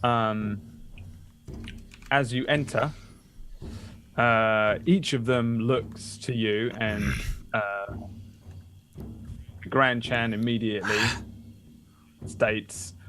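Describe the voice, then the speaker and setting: A man's voice: medium pitch, fairly even intonation, drawn-out words, pauses often, fairly bright tone. A man narrating as game master of a tabletop game, casual and full of fillers.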